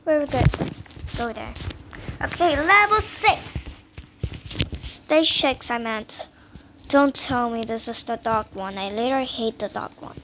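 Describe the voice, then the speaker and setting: A young woman giving casual gameplay commentary, excitable and repeating herself, sometimes dropping to a whisper. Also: a little high, unhurried, long pauses, background noise. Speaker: gamer.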